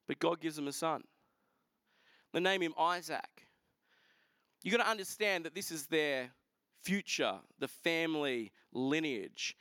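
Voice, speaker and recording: A man preaching a sermon, retelling a scripture story in a lively, casual way with asides to the congregation. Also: a little high, unhurried, long pauses, no room sound. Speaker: pastor.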